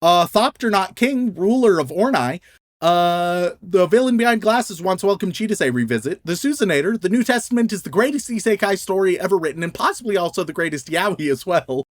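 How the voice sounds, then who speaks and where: A man's voice: high-pitched, animated, brisk, no room sound, clean studio sound. A young man co-hosting a podcast, reading out a list of names in a casual, laughing, stumbling way. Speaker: podcast co-host.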